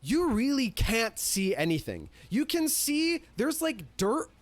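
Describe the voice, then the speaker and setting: Animated high-pitched man telling a story. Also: slow pace, no room sound. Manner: animated, profane, full of "like". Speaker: streamer. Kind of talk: casual storytelling.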